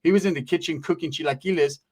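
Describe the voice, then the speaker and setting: A man telling a raunchy comic story in a profane, rambling, animated way. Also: fairly high pitch, quick pace, husky. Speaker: comedian.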